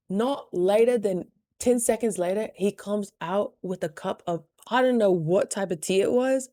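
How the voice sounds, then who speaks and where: A woman in her thirties telling a story in a chatty, animated way, acting out her own quotes in a higher voice. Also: moderate pace, no room sound, clean studio sound. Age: 30s. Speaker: vlogger. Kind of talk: casual storytelling. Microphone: studio mic.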